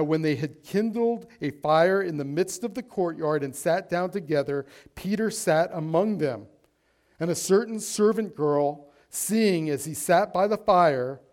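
A man's voice: on the high side, a little mellow. A pastor preaching a sermon to his congregation, reading scripture aloud and calling for responses. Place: church sanctuary.

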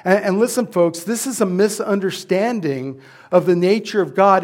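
A man's voice: high-pitched, normal speed, darkish tone. A man preaching a sermon to his congregation, conversational and repetitive, with asides and jokes. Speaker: pastor.

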